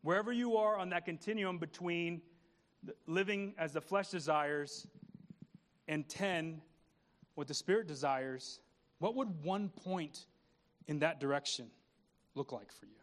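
A man's voice: on the high side, a little slow, long pauses, a bit bright. A man pastor preaching a conversational sermon, repeating words and asking the congregation questions.

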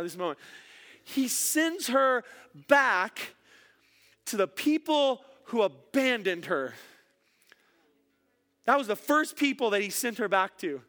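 A man preaching a sermon as a pastor, animated and emphatic, dropping soft at times and often repeating words. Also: very high voice.

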